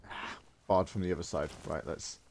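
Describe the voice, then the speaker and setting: A man's voice: low-pitched, fairly even intonation, normal speed. A man giving chatty, wry commentary while playing a video game and thinking aloud. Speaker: gaming video creator. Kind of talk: let's play commentary.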